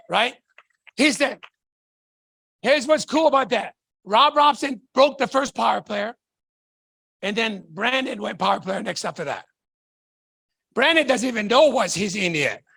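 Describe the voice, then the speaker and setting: A middle-aged man from Tonga giving a motivational sales talk, excitable, shouting in bursts and repeating rhetorical questions. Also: very high voice, creaky. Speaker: business opportunity presenter.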